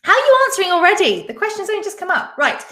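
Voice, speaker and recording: A woman's voice: very high voice, big pitch swings, rapid-fire, sharp tone, roomy sound. A young woman hosting a live online quiz, chatting casually, giggling often and reading viewers' comments aloud. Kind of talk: casual live-stream chat.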